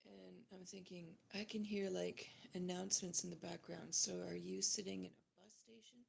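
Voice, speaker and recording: A woman's voice: on the low side, fairly even intonation, vocal fry. A middle-aged woman from Canada talking straight to her viewers in a casual ranting monologue, full of fillers and sudden drops into whispers. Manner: talks fast with many fillers, drops to whispers. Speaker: channel host.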